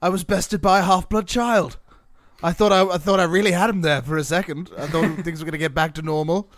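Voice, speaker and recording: A man's voice: a little high, steady tone, brisk, fairly bright tone, no echo, lightly acted. A man doing Voldemort as a petty ghost. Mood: smug. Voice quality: put-on vaguely posh British accent. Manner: sardonic, mocking, laughs between lines. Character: ghostly male dark lord, sneering and petty.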